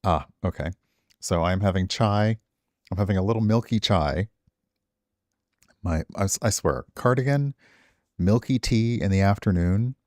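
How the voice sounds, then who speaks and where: A middle-aged man with a very low voice rambles easily to his viewers, poking fun at himself as he goes. His voice is recorded dry and close, with no room sound. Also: unhurried, long pauses, darkish tone, no room sound. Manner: rambling, self-deprecating, chatting to viewers. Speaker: streamer. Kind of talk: casual stream chat.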